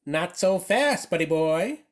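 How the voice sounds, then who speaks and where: A man's voice: high voice, animated, slow, pitched above the performer's own voice. A man playing a stern, bossy school principal. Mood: scolding. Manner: stern and scolding.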